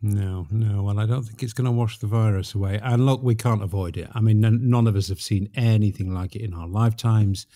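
A man's voice: on the low side, steady tone, fairly quick, hardly any pauses, warm tone, dry recording, clean studio sound. A man hosting a podcast from home in a jovial, wry casual chat. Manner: jovial, wry, apologetic asides. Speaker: podcast host. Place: home, in lockdown.

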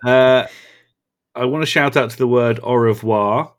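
A podcast co-host chats casually, his mid-range voice moving at a measured pace. He enthusiastically quotes his favourite lines with relish and laughs along.

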